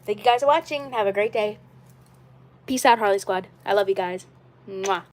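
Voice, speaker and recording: A woman's voice: mid-range voice, moderate pace. A woman hosting her own live stream in a casual chat, rambling and repeating herself often. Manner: rambling and repetitive. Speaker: channel host.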